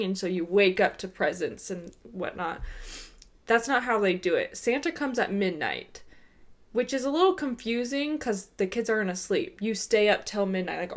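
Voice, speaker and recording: A woman co-hosting a podcast, telling a funny story in casual chat and laughing often as she goes. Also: mid-range voice. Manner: animated, laughs often while telling stories. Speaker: podcast co-host.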